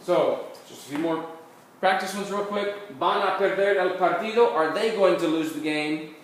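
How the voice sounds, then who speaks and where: Man teaching Spanish in an echoey room. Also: sits high. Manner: patient step-by-step explaining, models Spanish phrases slowly. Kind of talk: recorded classroom lecture. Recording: very echoey room, mic far off, faint noise.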